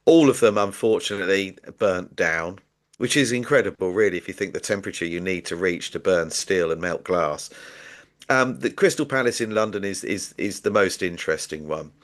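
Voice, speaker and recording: A man's voice: low-pitched, moderate pace. A man, a guest author in an interview, explaining his ideas casually with hesitant repeated words.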